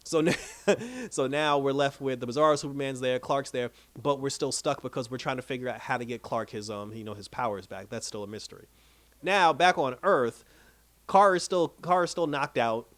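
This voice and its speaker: A man casually recapping and reviewing a TV episode, telling it with lively reactions and laughing as he goes. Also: medium pitch, moderate pace, no room sound. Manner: animated storytelling, laughs while retelling scenes.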